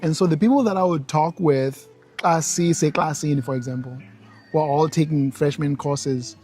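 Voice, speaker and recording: South African man, lively storytelling chat. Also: on the high side, normal speed, faint music behind. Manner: mixes English with Xhosa, animated when retelling stories. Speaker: co-host, husband. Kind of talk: casual chat.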